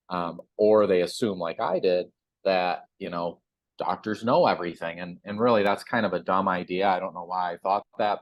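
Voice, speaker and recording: A man's voice: deep voice, no echo, muffled recording. A man, a chiropractor guest on a sponsored TV segment, chatting casually and acting out the voices in his own story. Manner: animated storyteller, acts out quotes.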